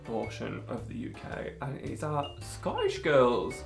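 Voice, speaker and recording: A man's voice: medium pitch, huge pitch swings, measured pace, gravelly. A man, co-hosting a casual chat, talkative with frequent laughs and fillers. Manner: chatty, laughs often, plenty of fillers. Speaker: co-host. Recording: echoey room with faint music.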